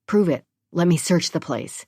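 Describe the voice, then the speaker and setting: Lady doing a pushy determined mom, blunt, low voice, a bit louder. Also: expressive, normal speed, slightly rough, no room sound, studio quality. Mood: insistent. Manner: insistent, blunt. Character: determined mother searching for her daughter.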